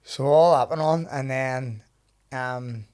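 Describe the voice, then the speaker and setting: A man, a podcast guest telling a story in casual chat, animated and acting out quotes, swearing freely. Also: mid-range voice, slow, clean tone.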